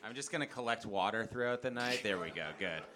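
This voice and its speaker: A man hosts a live comedy game show with an upbeat announcing manner. His voice is very bright and his pitch jumps around in a lively way. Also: fast talker. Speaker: host.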